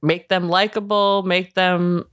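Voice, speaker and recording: A podcast co-host giving a wry, deadpan play-by-play recap of a reality show in casual chat. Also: mid-range voice, slow, clear, resonant tone.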